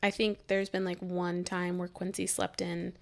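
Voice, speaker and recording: A woman co-hosting a podcast, chatting casually and laughing, sometimes slowing down to think. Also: fairly low pitch, monotone, vocal fry. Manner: chatty, laughs often, drawls when thinking. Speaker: podcast co-host. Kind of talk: casual chat.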